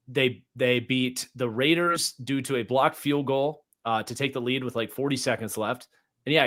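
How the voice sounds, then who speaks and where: A man co-hosting a casual football show, who gives blunt, opinionated takes in quick runs of speech. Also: medium pitch, a bit bright. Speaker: co-host, football analyst. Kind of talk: casual sports chat.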